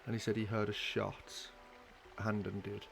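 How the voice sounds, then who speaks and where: A man's voice: fairly low pitch, monotone, measured pace, gravelly, a little hiss or hum. Young man thinking aloud while streaming. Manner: hesitant, thinking aloud with fillers. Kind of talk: casual live game commentary.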